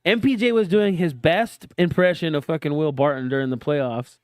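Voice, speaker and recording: Laid-back man, slightly high voice. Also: moderate pace, smooth, dry recording. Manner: laid-back, short reactions, swears casually. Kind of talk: casual podcast chat.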